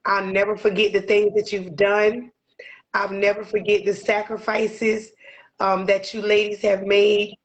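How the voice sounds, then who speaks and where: A woman's voice: medium pitch, flat delivery, measured pace, rough recording. A woman co-hosting a podcast, voicing heartfelt, near-tearful gratitude and repeating her phrases. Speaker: podcast co-host. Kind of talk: emotional podcast chat.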